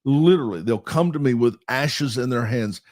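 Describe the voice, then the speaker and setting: A man's voice: mid-range voice, lively intonation, normal speed, darkish tone, no room sound, clean studio sound. A middle-aged man and pastor hosting a podcast, talking emphatically in a sermon-like way and laughing at himself now and then.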